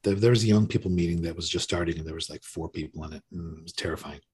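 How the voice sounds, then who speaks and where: A man in his fifties, a podcast guest, tells his recovery story in casual conversation, candid and self-mocking, with lots of restarts. His voice is low, dark-ish and slightly rough, and he talks rapid-fire.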